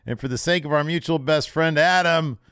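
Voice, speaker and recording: Brief: condescending wrestler, put on by a podcast host, pitched up. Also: male voice, a little fast, fairly bright tone, clear, resonant tone, no room sound, studio quality. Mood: smug. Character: smug male wrestler offering grudging help.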